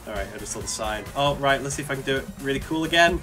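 A young man commentating while he plays a racing game, excitable and quick to yell and laugh at his wins and crashes. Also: medium pitch. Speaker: gaming video creator. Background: faint game music.

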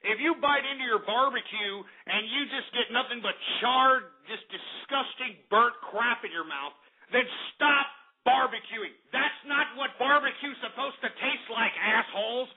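Host: man, raspy high voice, cussing rant over a tinny phone-like line. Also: a little slow. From Texas. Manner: profane, heated ranting. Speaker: radio show host. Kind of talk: talk radio rant. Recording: tinny phone-like internet radio.

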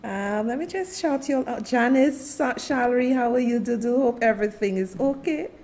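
A woman's voice: a little high, normal speed, darkish tone. A woman in her fifties from Saint Lucia with a Saint Lucian accent, hosting a show in casual live chat and calling out her viewers one by one with terms like darling. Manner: chatty, calls viewers darling and names them one by one. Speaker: show host. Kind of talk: casual livestream chat with viewer shout-outs.

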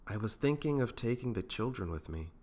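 A man's voice: on the low side, lively intonation, fairly quick, darkish tone, slightly rough, voice pushed up. A man voicing a patient, dry-humored princess and diplomat in a fan audiobook reading.

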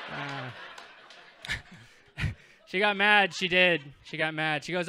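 A man's voice: fairly high pitch, a little slow, pauses often, pushed and bright. A man in his twenties performing stand-up at a comedy club, conversational and self-deprecating, acting out bits of dialogue. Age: 20s.

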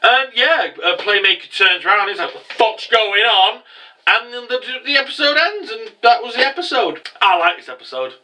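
A man recapping an anime episode in a rambling, excitable way. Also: extremely high pitch, fairly quick, few pauses, distant mic, slight background noise, rough recording. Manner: rambling, excitable, mocking impressions of characters. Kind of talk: casual spoken recap.

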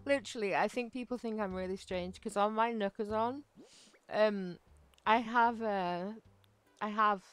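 A woman's voice: medium pitch, expressive, a little slow, fairly bright tone, faint music behind. A woman streaming a video game live, chatting casually and giggling as she talks straight to her viewers. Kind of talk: casual live-stream chat while playing.

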